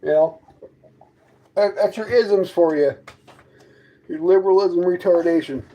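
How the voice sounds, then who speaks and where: A man's voice: sits high, a little slow, dark tone, lo-fi sound. A man hosting a casual livestream from his trailer, mocking and arguing with his chat in a sarcastic, combative way. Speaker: livestream host chatting with viewers. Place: inside his fifth-wheel trailer.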